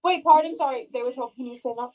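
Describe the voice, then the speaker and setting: A woman's voice: sits high, racing, a little mellow. A young woman on a video chat, answering hesitantly and rambling, full of likes and ums.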